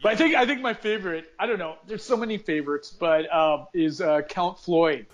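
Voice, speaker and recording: A man with a high voice co-hosts a casual podcast chat, speaking fairly quickly. He laughs often and hesitates with fillers.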